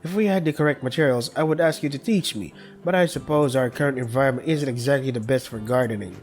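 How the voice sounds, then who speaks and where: A man's voice: mid-range voice, quick pace, soft background music, lightly acted. A man reading a stiff, polite young painter. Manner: courteous, stiff, takes things literally.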